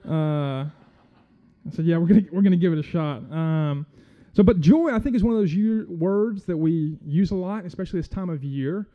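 Halting, self-deprecating male preacher. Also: on the high side, dull audio. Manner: friendly, self-deprecating, halting with many fillers. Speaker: guest church speaker. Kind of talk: casual sermon.

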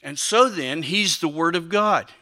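A man preaching a sermon, animated and emphatic, with frequent restarts and asides. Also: high-pitched, a little slow.

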